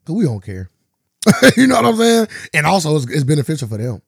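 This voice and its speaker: A man's voice: a little high, sing-song, a little fast, vocal fry, breathy edge, no room sound. A man co-hosting a podcast in casual chat, rambling and slangy as he explains things, with a dry close sound. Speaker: podcast co-host.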